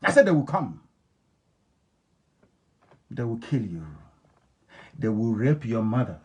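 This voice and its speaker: A man with an Igbo-influenced Nigerian accent, a native Igbo speaker, gives an impassioned radio address to his followers. He is emphatic and repetitive, swinging between loud declarations and low, intense tones. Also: very animated, slow. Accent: Nigerian, Igbo-influenced English. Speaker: political leader broadcasting to followers.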